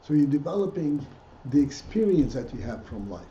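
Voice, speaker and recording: Here a rabbi leads a class on Hasidic texts in a warm, fairly high voice that swings widely in pitch at a normal pace. His delivery is full of halts, restarts and rhetorical questions to the students, captured in a dull, echoey room with slight noise.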